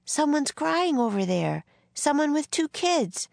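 A woman's voice: measured pace, gravelly, dry recording, clean studio sound, full character voice. A woman doing an eager little girl's voice. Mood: concerned. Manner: high and excited. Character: young girl, eager and bold.

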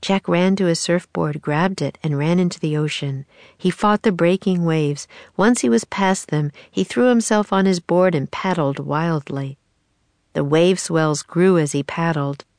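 A woman reading a children's chapter book aloud in a clear, measured storytelling voice. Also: fairly low pitch, a little mellow, no echo. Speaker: audiobook narrator.

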